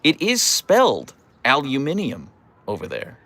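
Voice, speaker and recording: A young man hosting a casual live stream and answering chat in a playful, animated way, with mock outrage and stammered restarts. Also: mid-range voice, a little slow. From United States. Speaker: livestream host reading chat.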